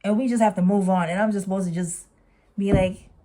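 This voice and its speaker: A young woman talks straight to camera in a storytime vlog. She is sassy and exasperated as she retells the story, at an everyday middle pitch. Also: steady tone, brisk, warm tone. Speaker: vlogger.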